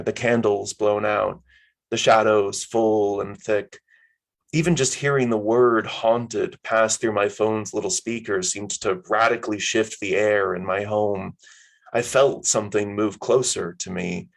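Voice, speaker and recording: A man's voice: fairly low pitch, steady tone, measured pace, vocal fry, low-quality recording. A man reading his own fiction aloud at a story hour, in a casual, wry first-person style.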